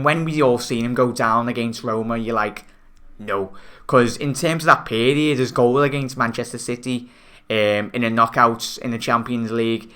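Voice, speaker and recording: On a new desk mic, a young Liverpool football fan channel host with a Scouse accent reads out viewers' comments and calls them mate while chatting on stream. His voice is medium-pitched with a sharp tone.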